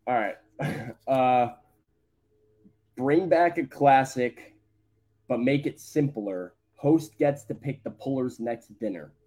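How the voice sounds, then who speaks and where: This is a man with a mid-range voice, chatting in a relaxed, everyday way as co-host of a morning sports show. He talks plainly and sometimes trails off or hesitates before picking up again. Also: mid-range voice, slow pace. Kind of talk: casual sports radio chat.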